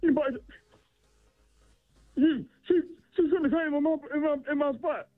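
A male caller voicing a grumpy dog who wants a lawyer, talking in halting, repeated bits over a tinny phone line. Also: extremely high pitch. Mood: aggrieved.

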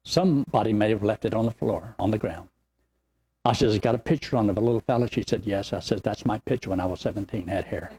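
Folksy older pastor, husky. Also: male voice, on the low side, fast talker. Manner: folksy, rambling, animated storytelling. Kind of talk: sermon with storytelling.

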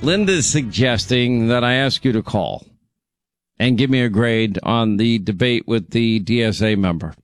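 New York talk radio host, dry studio. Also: male voice, mid-range voice, no room sound, soft background music. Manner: brash, teasing, fast-talking. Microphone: studio mic.

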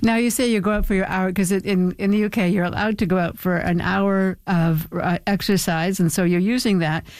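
A woman's voice: mid-range voice, fairly even intonation, a little fast, hardly any pauses, a little mellow, smooth, dry recording. A woman interviewing a guest on radio in a playful, questioning way.

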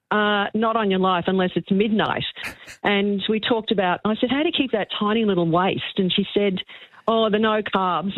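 A woman's voice: mid-range voice, dry recording. Older woman on a tinny phone line. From Australia. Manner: chatty, halting, with many restarts. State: emotional. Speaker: caller, magazine journalist. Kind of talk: phone-in storytelling on talk radio. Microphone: telephone.

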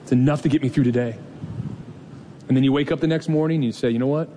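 A male pastor delivering a sermon in an easy, conversational manner, asking rhetorical questions and retelling stories with mild humor. His voice carries a long reverb from the sanctuary, with a faint low rumble underneath. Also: quick pace, warm tone. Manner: conversational preaching with rhetorical questions and light laughs. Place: church sanctuary.

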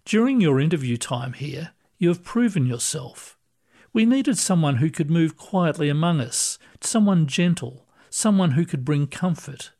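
A man voicing a kindly older male ghost who explains things patiently and gently. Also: on the high side, lively intonation, measured pace. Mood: reassuring.

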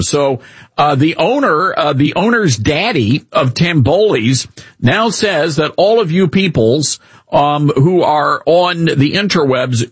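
A man hosting a talk radio show in a studio, giving animated, folksy conservative commentary with chuckling asides, his throat a bit irritated. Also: a little high, slow, slightly rough, no room sound. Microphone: studio microphone, dry.

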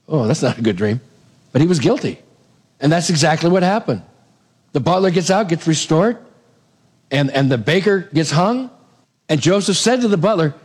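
A man preaching a sermon, retelling a Bible story and acting out the characters' lines in lively voices. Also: high-pitched, normal speed.

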